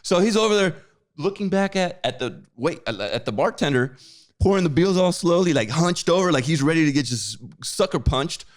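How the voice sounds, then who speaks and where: Animated man telling a story. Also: fairly high pitch, moderate pace. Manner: animated storyteller, acts out quotes, repeats words. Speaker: podcast co-host. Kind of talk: casual storytelling chat.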